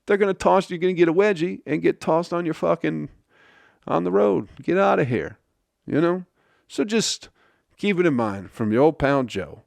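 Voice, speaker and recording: A man's voice: on the high side, lively intonation, moderate pace, vocal fry, a little mellow, no echo. Profane, rambling male podcast host. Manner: profane, rambling, laughs at his own jokes. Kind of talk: casual comedic monologue.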